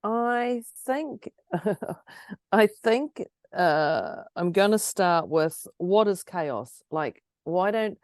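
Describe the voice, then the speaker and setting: A woman co-hosting a podcast in a casual, chatty way, giggly and a little husky because her voice is going. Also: medium pitch, expressive, extremely slow, no room sound, studio quality. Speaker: podcast co-host. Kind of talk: casual motivational chat.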